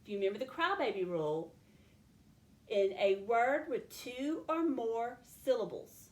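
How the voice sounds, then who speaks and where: In a roomy-sounding space, a woman at medium pitch teaches young children phonics, drawing out each word slowly as she sounds it out.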